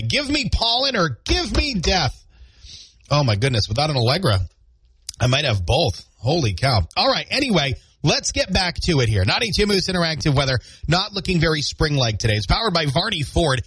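A man's voice: medium pitch, slightly rough, dry recording. A man hosting a morning radio show, chatting casually and jokingly between weather, ads and funny posts from a small studio. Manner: chatty, jokey, animated delivery.

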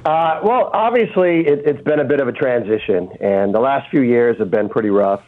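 A man calling in as a guest on a radio show, speaking haltingly with many fillers and restarts over a phone line. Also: medium pitch, lively intonation.

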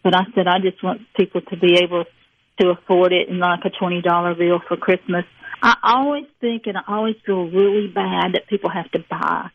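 A woman's voice: lowish voice, steady tone, fairly quick, phone-quality sound, a little hiss or hum. An older woman from rural Mississippi with a Southern accent, chatting as an author guest in a rambling, folksy way with frequent laughs. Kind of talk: casual interview chat.

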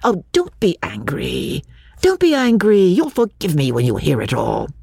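A woman voicing a playful, self-satisfied young gentleman in an audiobook. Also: low-pitched, wildly swooping pitch, measured pace, gravelly, slightly rough, dry recording, studio quality, pitched above the performer's own voice, exaggerated voice. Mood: teasing. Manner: teasing, theatrical.

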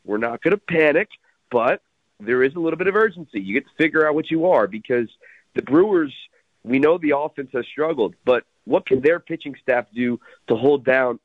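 A man calling in to a sports radio show as a guest, talking baseball quickly and energetically with lots of detail. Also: mid-range voice, dry recording. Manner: quick, energetic, packed with stats. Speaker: radio host, guest analyst. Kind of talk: sports radio call-in analysis. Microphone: phone. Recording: tinny phone line.

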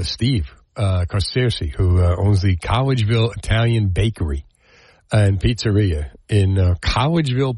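A man hosting a call-in radio show, joking with callers and chatting in an animated way. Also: on the low side, husky, dry recording. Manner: animated, jokey, repeats phone numbers. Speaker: radio host.

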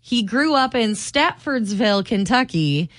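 A woman's voice: on the high side, lively intonation, measured pace, fairly bright tone, no echo, studio quality. A young woman, co-hosting a morning radio show in easygoing, giggly banter.

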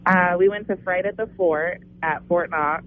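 A man's voice: high-pitched, fairly even intonation, normal speed. A man calling in to a radio show, giving short, shy answers over a phone line. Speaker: caller.

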